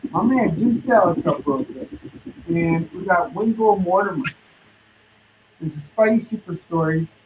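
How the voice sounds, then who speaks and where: The host of a live stream comic sale has a high-pitched voice and a measured pace as he runs through titles and prices in hustling patter. Background noise is audible, and the recording is distant, dull lo-fi stream audio.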